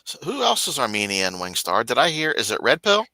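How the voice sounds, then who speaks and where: A man's voice: mid-range voice, brisk, no room sound. A man in casual chat on a live stream, telling stories and mimicking others. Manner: animated storytelling, mimics others in raised voice.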